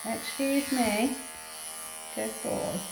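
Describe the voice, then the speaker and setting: A woman cat groomer, soothing a kitten in baby talk and calmly explaining each step as she clips him. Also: a little high, drawn-out words, vocal fry, background noise. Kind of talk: narrated grooming demonstration. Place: indoor grooming room. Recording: roomy room with electric clipper buzz.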